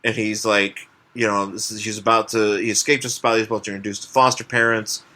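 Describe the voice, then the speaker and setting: Rambling bright-voiced male podcast host. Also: lowish voice, flat delivery, quick pace. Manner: rambling, restarts sentences, acts out characters. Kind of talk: casual comedic chat.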